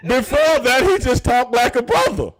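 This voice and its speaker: Male host, high-pitched, animated, profane, casual banter. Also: normal speed, crowd noise. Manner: animated, loud, laughing, profane. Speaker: show host. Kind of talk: casual wrestling talk.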